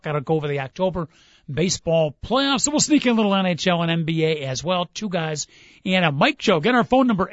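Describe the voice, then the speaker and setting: A man's voice: sits high, dry recording. A man hosting a casual sports talk radio show, quizzing his co-host on movie lines and reading them aloud. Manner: upbeat quizzing, reads lines aloud, laughs easily. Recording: dull dry studio sound.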